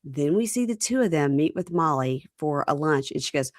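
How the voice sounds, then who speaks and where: A woman's voice: low voice, fairly quick, hardly any pauses, no room sound, studio quality. A woman hosting a podcast, recapping a reality show in casual chat and acting out the people she quotes. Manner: animated retelling with quoted voices. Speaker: podcast host.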